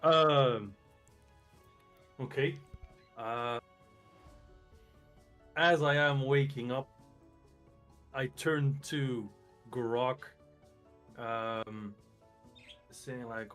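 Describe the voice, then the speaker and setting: A man's voice: mid-range voice, fairly even intonation, extremely slow, pauses often, fairly bright tone, faint music behind. A man playing a tabletop game, speaking hesitantly with ums, dry in tone. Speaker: player. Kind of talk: casual tabletop play.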